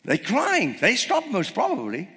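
Animated male preacher in a reverberant hall. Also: sits high, measured pace. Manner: animated storytelling, rhetorical questions to the congregation. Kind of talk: sermon.

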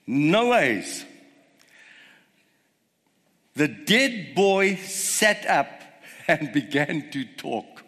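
A man's voice: fairly high pitch, very animated, very slow, a bit bright. A man preaching a sermon, retelling a story and firing rhetorical questions at the congregation. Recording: long hall reverb.

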